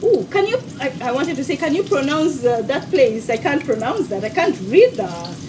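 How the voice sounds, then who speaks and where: A woman with a high, bouncy voice hosts a live cooking stream from her home kitchen. She chats warmly with viewers, calling them sweetheart. Her voice is a little distant from the mic, and there is faint noise behind her. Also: sing-song, moderate pace. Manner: chatty and affectionate, calls viewers sweetheart. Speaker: cooking show host.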